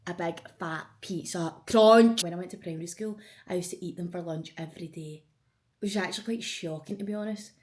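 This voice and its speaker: A woman's voice: on the low side, fairly quick, a little mellow. A Scottish woman in her twenties, chatting casually and emotionally as a vlogger, swearing freely. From Scotland. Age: 20s. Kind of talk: casual get-to-know-me chat.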